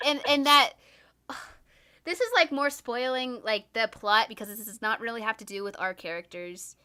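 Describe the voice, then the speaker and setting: A young woman co-hosting a casual podcast, chatting excitedly and acting out characters' lines as she retells a story. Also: fairly high pitch, moderate pace, clear, resonant tone. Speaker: podcast co-host. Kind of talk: casual chat.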